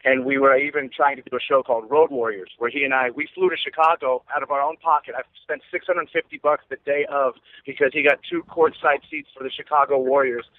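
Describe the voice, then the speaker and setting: A forty-year-old man from California's East Bay, a podcast guest telling rambling, excitable stories in casual chat. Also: mid-range voice, fairly quick, few pauses. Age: 40s. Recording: tinny phone line, dry.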